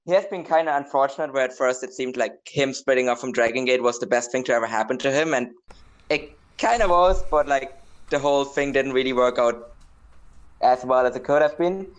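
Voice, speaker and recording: A man's voice: medium pitch, brisk, smooth, low-quality recording. A man on a casual podcast over a voice call, talking steadily as he explains his reasoning. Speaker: podcast panelist.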